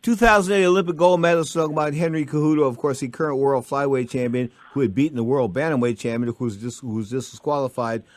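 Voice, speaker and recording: A man hosting a radio talk show, telling rambling, animated stories to his co-host and listeners. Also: medium pitch, fast, hardly any pauses, no echo.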